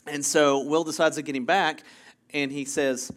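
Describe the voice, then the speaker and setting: In a chatty, conversational sermon, a pastor keeps breaking off for jokey asides and interrupting himself, often checking in with the congregation by asking "right?" His voice is fairly high and fairly bright, with a steady tone and normal speed.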